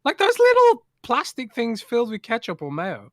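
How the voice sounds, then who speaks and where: A man's voice: very high voice, wildly swooping pitch, normal speed, dry recording, clean studio sound. A man with a British accent, co-hosting a podcast in casual, teasing chat. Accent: British English. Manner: playful, teasing. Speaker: podcast co-host.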